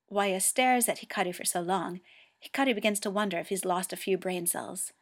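A woman reading fan fiction aloud in an even, steady storytelling voice. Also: lowish voice, moderate pace. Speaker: reader.

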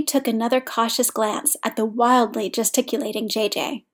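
A woman narrating fan fiction in a measured, even storytelling manner. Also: a little high. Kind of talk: reading fan fiction aloud.

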